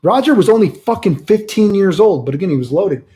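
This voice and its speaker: Casual male streamer, crude and excitable, telling a story, mellow voice in a roomy space. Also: high voice, a little fast. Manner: profane and animated, swears constantly; loose rambling delivery with restarts and "dude". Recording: roomy echo.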